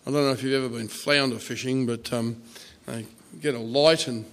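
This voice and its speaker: Man, sermon storytelling, soft-spoken, halting with fillers. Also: mid-range voice, fairly even intonation. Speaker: preacher.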